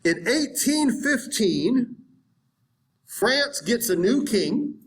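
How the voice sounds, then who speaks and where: A man giving a history lecture in an animated, conversational way, acting out historical viewpoints. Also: extremely high pitch, extremely slow. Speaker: history teacher. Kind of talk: classroom lecture.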